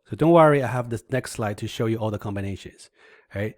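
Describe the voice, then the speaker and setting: A man teaching a language lesson over slides, patiently explaining step by step and demonstrating sounds out loud. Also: lowish voice, lively intonation, a little fast, no room sound, studio quality.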